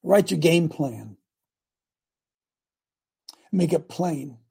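A man hosting a preaching broadcast, reading scripture aloud and breaking into fiery, animated asides. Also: a little high, extremely slow, vocal fry, slightly rough. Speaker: radio preacher host.

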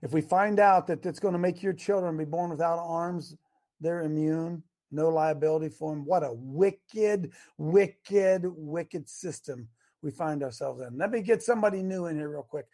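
A man's voice: fairly high pitch, moderate pace. A man hosting a call-in show, talking animatedly and acting out little mock exchanges. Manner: animated, acts out mock dialogues. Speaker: host.

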